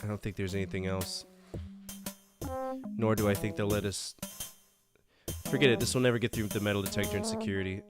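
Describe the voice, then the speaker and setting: A man's voice: lowish voice, expressive, a little fast, pauses often, music in the background. A man playing a detective game, reading its narration aloud and adding wry comments. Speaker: let's-play streamer.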